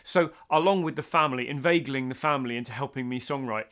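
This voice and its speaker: A man's voice: mid-range voice, fast, fairly bright tone. A middle-aged man from the UK giving a casual songwriting lesson, chatty with self-deprecating asides. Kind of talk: casual instructional talk.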